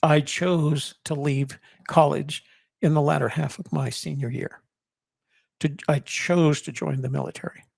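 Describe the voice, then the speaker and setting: A man in his seventies telling a personal story in an interview, reflective, with halting restarts. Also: fairly high pitch, steady tone, gravelly, darkish tone, breathy edge, dry recording, studio quality. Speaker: guest, army veteran and co-author.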